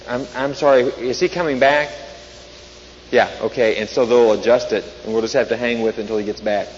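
A man's voice: medium pitch, fairly even intonation, a little fast. A man speaking on stage through a microphone at a conference, giving a joking, conversational talk and asking the audience questions. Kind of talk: humorous talk to a live audience. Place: large hall with a live audience. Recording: echoey hall, dull sound, faint hiss.

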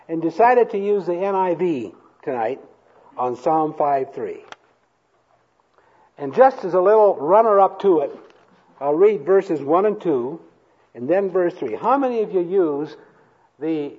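Man preaching, slow deliberate delivery, lively rising and falling pitch, dull lo-fi church recording. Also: slightly rough. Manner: slow, emphatic, has congregation repeat lines aloud. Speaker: pastor. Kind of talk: sermon. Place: church hall before a congregation.

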